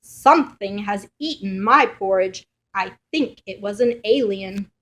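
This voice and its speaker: An eager little boy bear cub from a storybook, excitable and wide-eyed, as a woman reads him aloud. He gets excited and is sure a monster or an alien has been in the house. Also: medium pitch, unhurried, a little hiss or hum, natural voice.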